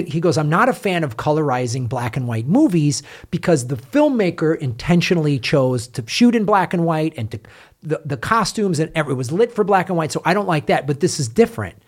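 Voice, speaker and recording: A man hosting a casual film podcast, telling a story with energy and retelling what others said. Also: a little high. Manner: animated storyteller, retells quotes. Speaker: podcast host. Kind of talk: casual film review chat.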